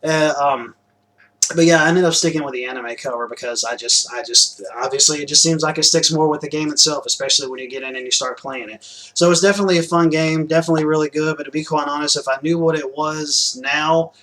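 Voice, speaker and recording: A young man with a voice a little higher than most talks through his new game purchases. He rambles in a loose, chatty way, full of fillers, restarts and casual swearing. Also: fairly even intonation, fast talker, a bit bright, poor audio. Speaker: gaming vlogger showing new purchases. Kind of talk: rambling casual vlog chat.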